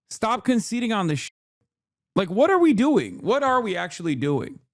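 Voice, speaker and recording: A man's voice: sits high, no echo, clean studio sound. A man giving heated political commentary as a streamer, exasperated and swearing often.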